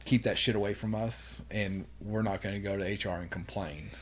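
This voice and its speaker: A man in his forties with a drawl tells animated, salty stories on a podcast. His voice sits on the low side, and he jumps into the voices of the people he quotes. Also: normal speed, husky. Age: 40s. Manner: animated, profane storytelling, acts out quotes. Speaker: podcast guest. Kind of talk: casual storytelling chat.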